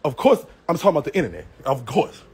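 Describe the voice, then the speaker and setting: A man's voice: fairly high pitch, sing-song, fast, darkish tone, slightly rough. A man ranting on a livestream, brash and profane, trash-talking with a Southern US accent and frequent laughs. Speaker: live streamer. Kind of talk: livestream rant.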